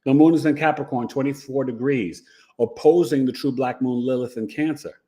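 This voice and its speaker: A man's voice: medium pitch, steady tone, normal speed, mellow. A middle-aged man hosting a live astrology stream, talking in a loose, chatty and playful way. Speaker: astrology show host.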